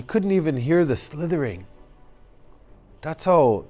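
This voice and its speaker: A man telling a traditional story to children in a slow, deliberate way. His voice sits fairly high, and he is animated, using sound effects and call-and-response. Soft music plays faintly behind him.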